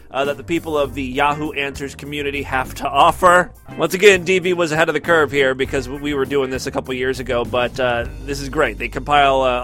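A man's voice: fairly high pitch, fairly bright tone. A man hosting a comedy radio show, cracking crude, mocking jokes in casual talk. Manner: joking, mocking, laughs at his own material.

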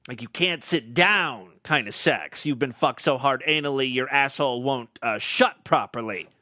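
A man's voice: mid-range voice, moderate pace, bright, forceful tone, no room sound. A man hosting a podcast, reading tweets and a story aloud with irreverent commentary and laughter. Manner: irreverent, laughs at own material. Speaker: podcast host.

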